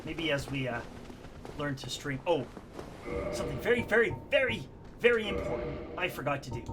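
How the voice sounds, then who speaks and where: A woman's voice: deep voice, moderate pace, music in the background. A woman streamer giving rambling, self-deprecating commentary while she plays a game, laughing often. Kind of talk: casual let's-play commentary.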